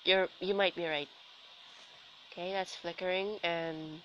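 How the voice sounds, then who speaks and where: A smooth, mid-range voice with fairly even intonation moves at a moderate pace in this lo-fi clip. The speaker, a young woman with a sick sore throat, casually commentates a video game, chatting with sarcastic asides and jokes about herself in let's-play style.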